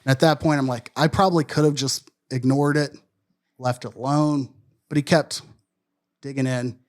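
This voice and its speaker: A man's voice: medium pitch, steady tone, normal speed, a little mellow. Man from Wisconsin telling a story. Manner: loose, profane, self-deprecating storyteller. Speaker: podcast co-host. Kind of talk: casual storytelling chat.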